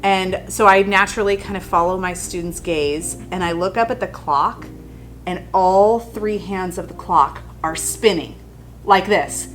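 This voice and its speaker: A woman, a high school English teacher, telling a spooky classroom anecdote in a dramatic, lively way. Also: unhurried. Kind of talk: personal anecdote storytelling.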